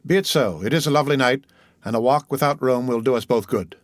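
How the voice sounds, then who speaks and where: A man reading an audiobook, voicing a mysterious, wealthy nobleman who speaks in a measured, commanding way. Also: mid-range voice, no room sound, studio quality, lightly acted. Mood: calm. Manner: measured, composed, authoritative.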